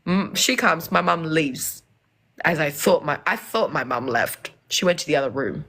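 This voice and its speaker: A young woman from Lebanon telling animated stories in casual chat, acting out the people she quotes. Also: low voice, moderate pace. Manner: animated, acts out voices in quoted dialogue. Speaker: podcast guest. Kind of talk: casual storytelling.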